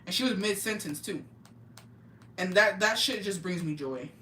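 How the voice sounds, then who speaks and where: A young woman from Oaxaca, Mexico, chatting casually and profanely with her live-stream viewers in an animated, slangy way. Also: mid-range voice, moderate pace, a little hiss or hum. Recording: roomy, mic at a distance.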